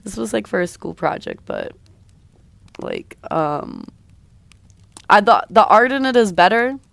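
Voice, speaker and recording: A woman's voice: medium pitch, huge pitch swings, unhurried, vocal fry, dry recording. A woman streamer with a slightly raw voice, chatting casually with her viewers in a rambling, hesitant way. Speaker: streamer and artist. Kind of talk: casual live-stream chat.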